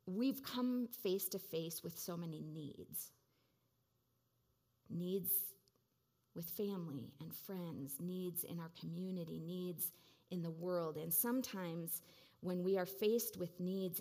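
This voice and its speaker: A woman's voice: medium pitch, a little mellow. A woman preaching a sermon in a conversational, reflective way, with many casual fillers.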